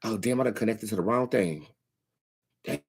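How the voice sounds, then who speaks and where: A man's voice: fairly low pitch, animated, moderate pace, slight background noise. A young man hosting a tarot livestream, chatting casually with viewers in a candid, profane way.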